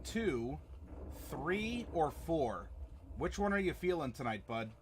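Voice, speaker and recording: A man's voice: fairly high pitch, very animated, takes it slowly, slight background noise. A young man hosting a live stream as game master, chatting casually and rambling with many fillers and restarts.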